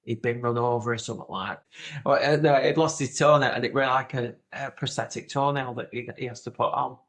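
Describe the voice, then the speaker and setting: A man's voice: mid-range voice, steady tone, fairly quick. Rambling man telling stories. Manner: rambling storyteller, swears freely, does silly voices. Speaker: podcast co-host. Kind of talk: casual comedic chat.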